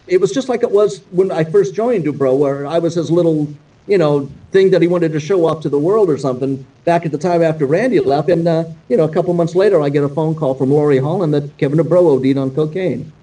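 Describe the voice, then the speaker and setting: A man, a guest musician, telling casual anecdotes in an animated way, with swearing. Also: sits high, distant mic, low-quality recording. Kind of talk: casual storytelling.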